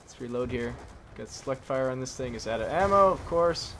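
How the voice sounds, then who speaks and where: Excitable man in minced-swearing gameplay rant. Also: on the high side, normal speed, slight background noise. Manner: frustrated outbursts with minced swearing. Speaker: gaming YouTuber. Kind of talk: gameplay commentary.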